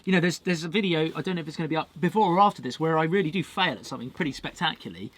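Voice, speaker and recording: A man's voice: a little high, animated, rapid-fire, a bit bright. A male channel host chatting casually as he reads out viewer mail and thanks the senders.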